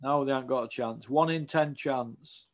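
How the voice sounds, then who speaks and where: A man's voice: mid-range voice, moderate pace. A man giving blunt, outspoken opinions as a boxing pundit in a casual interview, often tagging on questions like "isn't it?".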